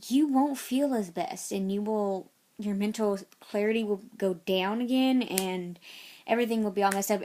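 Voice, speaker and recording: Chatty rambling woman vlogger. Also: mid-range voice. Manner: chatty and rambling, with frequent self-corrections. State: out of breath. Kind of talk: casual vlog tips.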